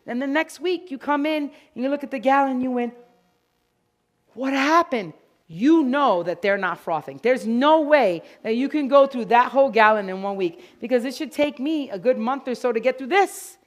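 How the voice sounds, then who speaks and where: Animated woman giving a live product demo. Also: high voice, fairly quick, few pauses. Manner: animated and playful, talks to the audience. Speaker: product educator. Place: store grand opening event.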